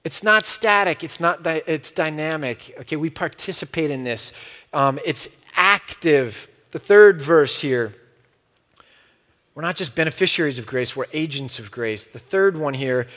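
Male preacher, conversational, high-pitched, long hall reverb. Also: expressive, unhurried, fairly bright tone. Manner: conversational, with frequent restarts. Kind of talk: sermon.

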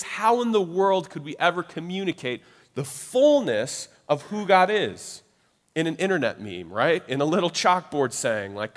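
A man preaching a sermon in a loose, chatty way, often tossing in quick tag questions to his listeners. His voice sits a little high for a man. It rings out with a long reverb, like a church hall. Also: a bit bright. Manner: conversational, frequent "right?" tag questions.

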